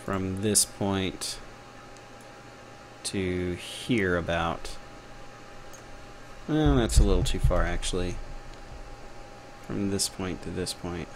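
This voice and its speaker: A young game developer from Texas teaches a casual live-stream tutorial in a low-pitched voice with fairly even intonation, a slow pace, and long pauses, with a little hiss or hum present. He has a Texan accent and stays chatty and jokey, muttering to himself as he works.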